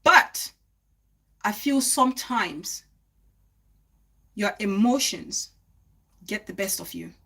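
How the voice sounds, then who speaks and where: Woman on a live stream giving advice, repeats herself for emphasis, bright forceful voice. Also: medium pitch, expressive, takes it slowly, creaky, pauses often, husky. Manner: earnest, repeats phrases for emphasis, stops to scold commenters. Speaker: livestream host. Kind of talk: live-stream talk to viewers.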